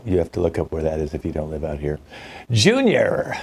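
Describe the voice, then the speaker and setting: A man's voice: rumbling low, huge pitch swings, fairly quick, husky. An older man hosting a live online improv show, joking with dry asides and rambling a little. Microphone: video call mic.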